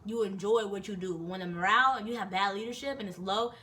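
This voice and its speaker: A young woman and soldier telling stories in a casual, animated, profane and rambling chat, recorded indoors. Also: medium pitch, fast talker. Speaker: vlogger and soldier. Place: indoors in Korea. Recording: distant mic with faint noise.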